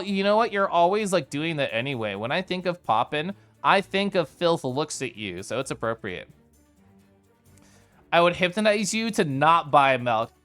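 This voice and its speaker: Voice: mid-range voice, fairly bright tone. A livestreamer chatting casually with viewers, telling rambling stories full of fillers and mock outrage. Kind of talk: casual chat with a live stream chat.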